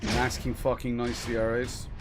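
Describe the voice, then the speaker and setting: A man's voice: medium pitch, monotone, fairly quick. A man streaming a game live, ranting in exasperation and swearing at his chat. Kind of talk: live let's play commentary. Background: game music.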